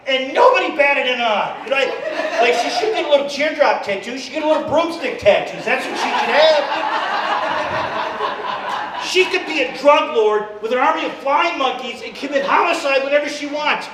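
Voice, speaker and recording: A man in his fifties with an American accent doing a crude, brash stand-up routine on a comedy club stage, building to shouting rants. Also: very high-pitched, lively intonation, moderate pace, distant mic. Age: 50s. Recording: echoey club room, audience noise. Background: audience laughter.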